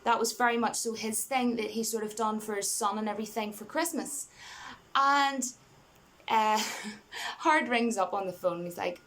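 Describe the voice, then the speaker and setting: Woman, fairly high voice, casual film review, rambling, enthusiastic, laughing between points. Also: moderate pace, a bit bright, a little hiss or hum. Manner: chatty and rambling, full of "you know" and restarts.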